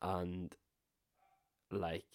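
Sweary lad, dry close mic. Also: male voice, low voice, monotone, extremely slow, no echo. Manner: swears a lot, laughs while telling stories. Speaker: podcast co-host. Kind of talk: casual chat.

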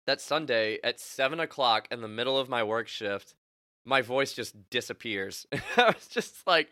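A young man co-hosting a podcast, chatting casually and telling animated stories with lots of laughter and acted-out quotes. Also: mid-range voice, moderate pace, no room sound, clean studio sound. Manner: laughs often, animated storytelling with voiced quotes. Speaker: podcast co-host. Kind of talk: casual chat.

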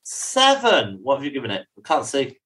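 A man co-hosting a chatty podcast, his pitch jumping about as he teases and bosses his co-host. He is quick to mock and pushes the conversation along. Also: huge pitch swings, bright, forceful tone. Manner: teasing, bossy, quick to mock. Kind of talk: casual chat reviewing songs.

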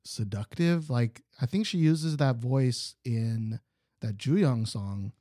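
A man's voice: mid-range voice, slow pace, warm tone, no room sound, studio quality. A man co-hosting a casual music review chat, opinionated and rambling, with lots of fillers. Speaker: podcast co-host.

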